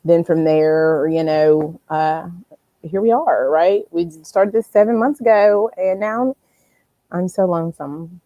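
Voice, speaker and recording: A woman's voice: on the low side, slow pace, dark tone, no room sound, dull audio. A woman hosting a casual live stream, rambling chattily and greeting viewers by name.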